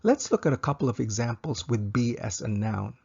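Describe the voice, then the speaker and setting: Male language tutor: husky, gravelly, patient, repeats each phrase twice, dull lo-fi recording. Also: mid-range voice, a little mellow. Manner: slow, careful, repeats each example twice for practice. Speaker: Japanese language teacher.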